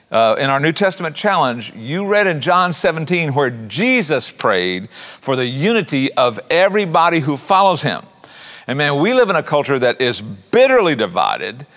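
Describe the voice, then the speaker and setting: Middle-aged male pastor, easygoing folksy delivery, voice a bit higher than usual, long room reverb. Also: a bit bright. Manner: folksy and conversational, says "man" and "uh" often. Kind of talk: sermon.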